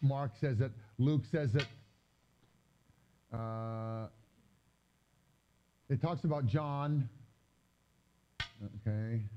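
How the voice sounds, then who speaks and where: A man giving a conversational Bible teaching with slides, reading scripture slowly and explaining it in loose, chatty asides. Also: mid-range voice, muffled recording. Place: gathering hall during a live-streamed event.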